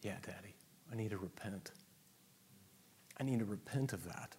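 Penitent man, hushed and contrite, low voice, acted by a preacher, long hall echo. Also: normal speed, slight background noise, lightly acted. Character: humble repentant man answering God softly. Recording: long reverb in a large hall.

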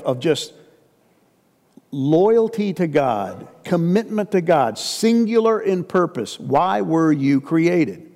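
An older man in his sixties gives a sermon in a somewhat high voice. He talks to the congregation like old friends, full of rhetorical questions and homespun humor. His words trail off into a long, echoing reverb from the sanctuary. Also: a little mellow. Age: 60s. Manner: asks the congregation rhetorical questions, folksy and joking. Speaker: pastor. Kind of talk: conversational sermon.

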